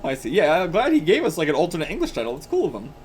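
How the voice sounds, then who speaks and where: A man's voice: a little high, wildly swooping pitch, very fast, a little hiss or hum. A man hosting a manga reaction video, talking in a chatty, casual way, laughing often and filling his talk with "like" and "you know".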